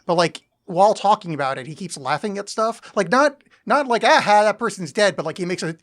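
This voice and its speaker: A man's voice: high voice, lively intonation, fairly quick, fairly bright tone. A man co-hosting a podcast, chatting about a movie in a blunt, offhand way with casual swearing. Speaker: podcast co-host. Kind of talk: casual film-review chat.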